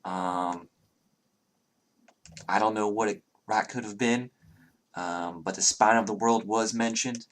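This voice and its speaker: A man's voice: lowish voice, steady tone, slow, pauses often. A man voicing an unnervingly polite male tavern keeper who shares gossip with hesitant fillers.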